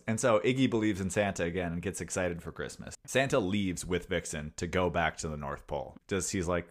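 A man in casual chat, retelling a film's plot with jokes and quick voices for the characters. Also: low voice. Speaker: podcast co-host. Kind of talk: casual chat recapping a film.

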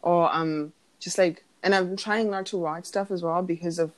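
A woman's voice: lowish voice, normal speed, a loud crowd. A young woman from Newfoundland co-hosting a podcast, telling stories in casual chat and acting out the voices of people she quotes. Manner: animated storytelling, acts out quoted voices, laughs often. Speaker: podcast co-host.

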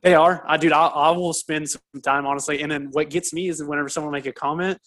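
A man's voice: a little high, fairly even intonation, quick pace, fairly bright tone. A man co-hosting a casual podcast chat, laid-back and rambling, telling stories with lots of fillers. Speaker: co-host.

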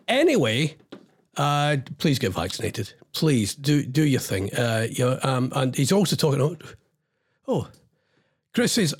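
A radio host with a highish, breathy voice full of big pitch swings speaks a little slowly in a studio. His on-air monologue is an agitated, exasperated, rambling rant that jumps between asides.

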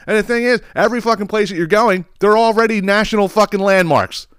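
A man's voice: sits high, lively intonation, fast talker, few pauses, a bit bright, smooth, no room sound, studio quality. A man hosting a podcast, ranting with heavy profanity and sarcastic mocking impressions. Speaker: podcast host. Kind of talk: ranting solo podcast monologue.

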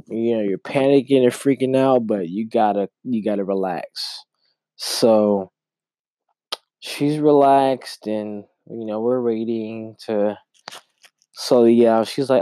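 Alone on his podcast, a young man rambles through a casual story, frequently repeating himself along the way. He speaks in a mid-range voice with a dark tone, with no echo.

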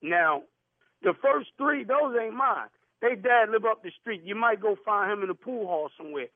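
A defensive, confrontational man who argues in heavy slang over a phone call. His voice is high, and it comes through a tinny, phone-like line that sounds completely dry. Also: expressive, normal speed, dry recording. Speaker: caller. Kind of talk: heated phone argument.

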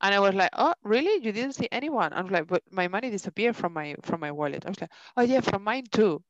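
A woman co-hosting a podcast, telling a story in a casual, animated way, swearing and acting out what people said. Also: medium pitch, fast talker, dry recording. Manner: animated, swears a lot, acts out dialogue. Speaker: podcast co-host. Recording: dull lo-fi dry sound.

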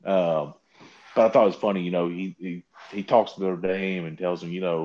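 A man with a very deep voice tells a story in casual chat, jumping up sharply in pitch when he mocks what others said. The audio is a little muffled and lo-fi, and he swears freely as he rants. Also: normal speed. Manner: animated storytelling, mocking quotes with big pitch jumps.

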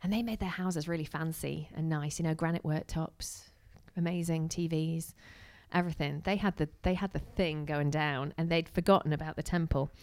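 A woman delivers a relaxed, conversational sermon. Her voice sits a little low and she talks in a lively, chatty way, slipping into little acted-out quotes and asides to her listeners. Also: moderate pace, few pauses. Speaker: preacher. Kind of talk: casual sermon.

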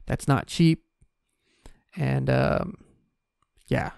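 A man in his twenties telling a story in a casual, profane, animated rant. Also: medium pitch, very slow, vocal fry, no echo, studio quality. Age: 20s.

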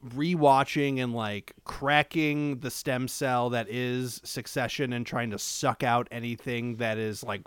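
A man's voice: medium pitch, measured pace, hardly any pauses, clear, resonant tone, dry recording, studio quality. A man co-hosting a podcast, chatting casually and telling stories with plenty of swearing. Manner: profane, animated storyteller. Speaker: podcast co-host. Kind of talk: casual chat.

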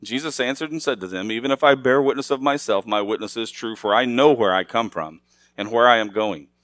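A man's voice: medium pitch, brisk, fairly bright tone, no room sound. A middle-aged man preaching a sermon as pastor, talking casually with the congregation and rising to emphatic, raised passages.

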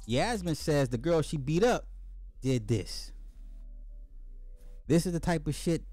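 A man hosting a podcast in casual livestream commentary, animated and slangy, talking straight to his viewers. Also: a little high, slow, no echo, soft background music. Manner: animated, slangy, addresses the chat directly. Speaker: podcast host.

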